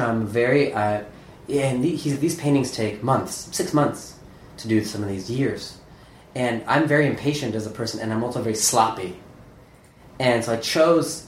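A man as a podcast guest, talking in a halting, earnest way with frequent restarts. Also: medium pitch, echoey room, a little hiss or hum, poor audio. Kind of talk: casual interview chat.

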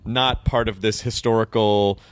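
A man's voice: lowish voice, fairly even intonation, measured pace, clear, resonant tone, dry recording. An American man hosting a casual interview, hesitant and jokey. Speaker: host.

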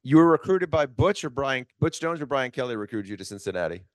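A man's voice: mid-range voice, big pitch swings, quick pace, dry recording. Male podcast host, chatty and joking, dry close sound. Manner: chatty, rambling, joking questions. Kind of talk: casual interview chat.

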